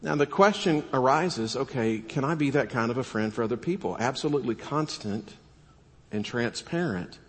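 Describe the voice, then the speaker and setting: A man preaching a sermon, animated and full of rhetorical questions, now and then acting out quoted voices. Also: mid-range voice, normal speed. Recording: long hall reverb.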